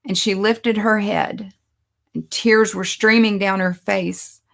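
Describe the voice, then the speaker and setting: A woman giving a conversational sermon, telling stories and slowing down to stress her points. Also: mid-range voice, steady tone, creaky, a bit bright. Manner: conversational, storytelling, self-deprecating asides. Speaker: speaker teaching a Bible lesson.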